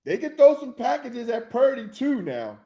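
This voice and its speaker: A man hosting a sports talk show, rambling and excitable, who keeps losing his train of thought. His voice sits high and swoops widely between highs and lows. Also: moderate pace. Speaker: sports podcast host.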